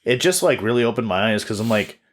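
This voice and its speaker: A man's voice: fairly low pitch, lively intonation, fast. A man in his twenties, a comedian and podcast co-host, telling a story in casual chat, swearing freely and acting out quotes. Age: 20s.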